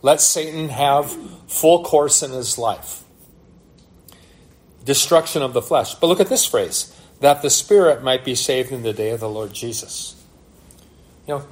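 A man preaching a sermon, reading scripture aloud and explaining it, often checking in with rhetorical questions. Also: medium pitch. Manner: teaching, asks the listeners rhetorical questions. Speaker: pastor.

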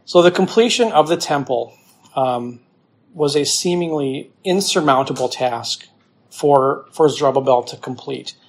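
A man, teaching as a pastor through a scripture passage in a relaxed sermon, repeating himself with fillers as he explains. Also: mid-range voice, a little slow.

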